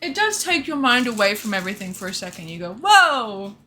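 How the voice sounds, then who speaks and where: A woman streamer casually telling her chat a story, animated and laughing often, acting out what others said and swearing freely. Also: medium pitch, quick pace. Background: faint background music.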